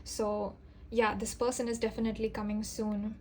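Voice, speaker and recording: A woman talks softly through a tarot reading, her fairly high voice staying level and even as she reassures her listener. Her manner is earnest and gentle, full of little fillers. A faint hiss sits under the recording. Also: normal speed. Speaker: tarot reader. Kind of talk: intuitive tarot reading to camera.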